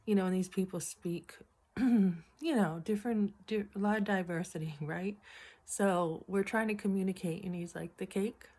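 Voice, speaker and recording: A middle-aged woman casually telling a funny story from her job, chatty and animated, acting out what people said and often clearing her throat. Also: medium pitch, moderate pace. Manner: chatty, animated retelling with acted quotes. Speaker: vlogger.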